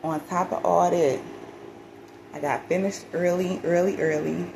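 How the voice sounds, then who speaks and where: A woman tells a story in a casual vlog, with a fairly low voice. She is animated and dramatic and acts out the people in it. The recording carries a clear steady hiss behind her. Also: unhurried. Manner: animated, dramatic retelling with quoted voices and religious exclamations. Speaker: vlogger. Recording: noisy background hiss.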